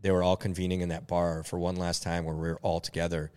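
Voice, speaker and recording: A man's voice: low voice, flat delivery, quick pace, mellow, smooth. A man co-hosting a podcast, talking reflectively in casual chat and searching for words with many fillers. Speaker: podcast co-host.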